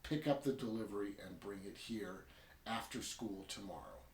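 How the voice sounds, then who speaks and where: A man's voice: lowish voice, normal speed, roomy sound, natural voice. A man voicing a scheming male toy soldier in a retold story, giving curt orders. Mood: commanding.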